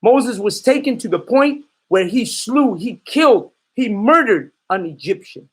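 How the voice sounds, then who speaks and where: A man's voice: high voice, lively intonation, a little slow, breathy edge. A man preaching in a fiery, confrontational way, calling out his listeners and giving commands to a reader. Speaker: street preacher.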